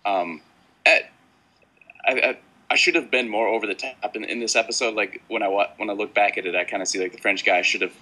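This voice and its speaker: A man's voice: on the low side, steady tone, fairly quick, sharp tone, low-quality recording. A man who works as a voice actor, chatting casually and thoughtfully, a little self-critical about his work. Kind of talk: casual commentary chat.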